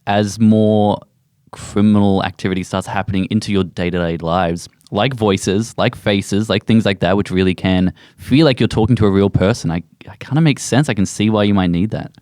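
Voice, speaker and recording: Man, podcast host, low voice, dry close sound, curious. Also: normal speed, darkish tone, dry recording. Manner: curious, asks plain questions. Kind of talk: casual podcast chat.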